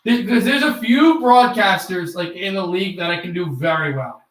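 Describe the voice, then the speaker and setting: A man doing mock hockey play-by-play on a live stream, calling fast with bursts of shouting and imitating broadcasters. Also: high voice, recorded from a distance. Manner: excitable, rapid calls with bursts of shouting. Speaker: livestream host doing play-by-play. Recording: echoey room, off-mic.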